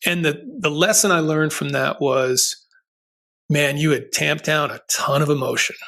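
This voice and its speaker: A man's voice: fairly high pitch, fairly even intonation, normal speed, creaky, bright, forceful tone. A middle-aged man hosting a podcast interview, telling a personal story in an earnest, rambling way with many restarts. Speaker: podcast host.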